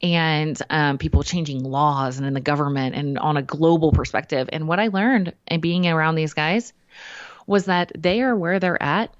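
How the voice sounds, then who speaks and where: A woman, a podcast guest, telling a personal story in a lively way and acting out what people said. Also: deep voice, moderate pace, no room sound, dull audio. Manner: animated storyteller who acts out quotes.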